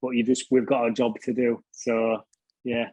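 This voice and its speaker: A man's voice: medium pitch, little pitch movement, normal speed, a little mellow, no echo, low-quality recording. A British man telling stories as an interview guest, casually, swearing freely and laughing at himself. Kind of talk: casual storytelling.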